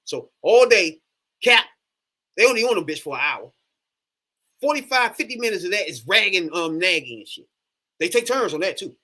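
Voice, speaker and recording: Man, sports fan vlogger, casual rant, profane, exasperated, bright sharp tone. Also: sits high, normal speed, pauses often. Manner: animated, profane, exasperated ranting. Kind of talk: casual ranting monologue.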